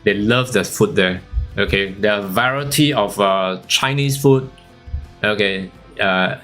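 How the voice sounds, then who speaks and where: Singaporean male stream host, casual and unhurried, giggly asides, light guitar music underneath. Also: on the low side, a bit bright. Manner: chatty, giggly, lots of "okay" and "huh". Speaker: forex live-stream host. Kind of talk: casual chat during live trading.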